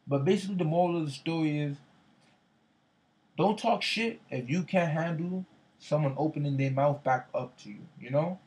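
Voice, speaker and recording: A man's voice: on the high side, moderate pace, darkish tone, rough recording. A man in casual chat, retelling an argument with lots of slang and profanity, repeating himself as he goes. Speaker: storyteller in a casual conversation.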